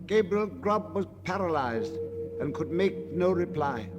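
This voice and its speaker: Man narrating a dark tale. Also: a little high, expressive, lo-fi sound. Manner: measured, dramatic storyteller. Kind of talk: dramatic storytelling. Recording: reverb with music behind.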